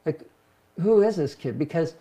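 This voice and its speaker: A man's voice: on the high side, animated, normal speed, mellow. An older man, a pastor and host, telling personal stories in a reflective, self-deprecating way. He livens up his voice when quoting others. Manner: reflective, self-deprecating, acts out quotes in livelier tones. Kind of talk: casual conversational storytelling.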